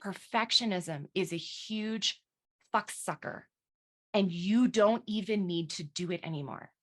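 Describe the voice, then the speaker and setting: A woman coach leading a guided visualization over a live online session, slow and soothing, swearing now and then. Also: mid-range voice.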